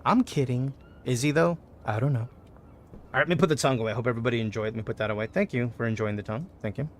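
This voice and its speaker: A man streaming a game, chatting playfully with the characters in casual commentary and breaking into loud bursts of excitement. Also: medium pitch, racing, slight background noise.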